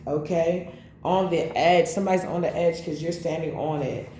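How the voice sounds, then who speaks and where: She's a tarot reader with a low, dark voice, speaking at normal speed in a steady tone. Cards get called out bluntly during her casual reading, punctuated by frequent swearing, and the audio carries a roomy echo with faint background noise.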